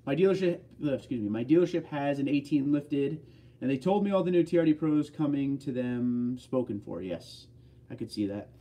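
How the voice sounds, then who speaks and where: A man's voice: medium pitch, mellow, distant mic. A man from the northeastern United States hosting a casual livestream, chatty and reading viewer comments aloud. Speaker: livestream host.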